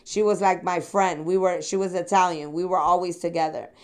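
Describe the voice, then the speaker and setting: A woman's voice: lowish voice, steady tone, brisk, darkish tone, clear, resonant tone. Rambling woman giving a psychic reading. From Chicago area, USA. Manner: rambling, addresses listeners directly with "okay?" and "sweetheart". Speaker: psychic reader. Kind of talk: casual spiritual reading monologue.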